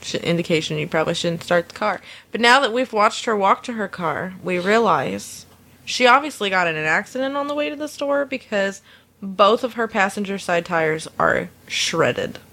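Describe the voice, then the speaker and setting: Woman, casual storyteller, lively delivery, acts out the people she quotes, laughs along with her own story. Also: mid-range voice, normal speed. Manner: animated, acts out quoted voices, laughs often. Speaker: storyteller recounting a work incident. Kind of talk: casual anecdote.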